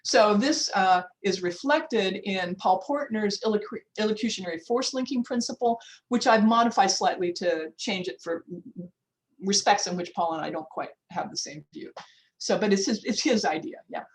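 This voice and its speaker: A woman's voice: mid-range voice, moderate pace, low-quality recording. An older woman professor lecturing on linguistics over a video call, informal and chatty, with frequent restarts and asides. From United States. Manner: frequent restarts, checks the time aloud. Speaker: linguistics professor giving a workshop talk. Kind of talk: academic lecture.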